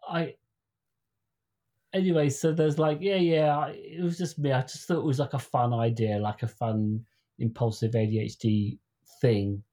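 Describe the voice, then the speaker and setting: A man's voice: mid-range voice, fairly even intonation, normal speed, dark tone. Rambling British man telling a story. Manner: rambling storyteller, acts out quoted voices. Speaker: podcast co-host. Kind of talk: casual chat.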